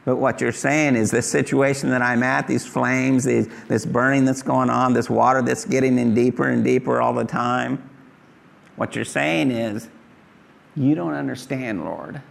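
A man's voice: medium pitch, steady tone, a little slow, creaky. A middle-aged man preaching a sermon emphatically, acting out pleading prayers to God. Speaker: pastor.

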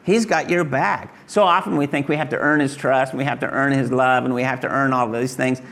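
An older man from Kansas preaches in a folksy, earnest way, speaking. His voice has a gravelly, creaky edge at an ordinary middle pitch. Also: fairly even intonation, fairly quick, a bit bright. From Kansas, USA. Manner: earnest, folksy, rises high when voicing Jesus. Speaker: pastor. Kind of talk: testimony sermon.

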